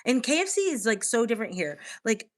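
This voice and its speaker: A young woman from the United States hosting a casual livestream, chatting with viewers in an animated way full of "like" fillers. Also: on the high side, fairly quick. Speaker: livestream host. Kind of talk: casual livestream chat, reacting to viewer comments.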